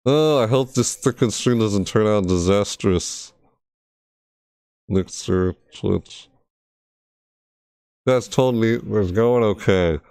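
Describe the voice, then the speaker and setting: A man's voice: lowish voice, a little mellow, dry recording, clean studio sound. A man streaming from his computer, thinking aloud with frustration and talking to his chat, often repeating words as he tests things. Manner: repeats words over and over while testing. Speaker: gaming streamer. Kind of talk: casual live-stream commentary.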